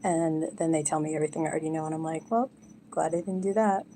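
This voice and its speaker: A woman with a gravelly, low voice rambling through a casual live stream. Her tone is dark and mellow, and it comes from a phone she carries around her home at night. Faint crickets and ambience hum behind her. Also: fast. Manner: rambling, candid, drifts into whispers at times. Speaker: livestreamer.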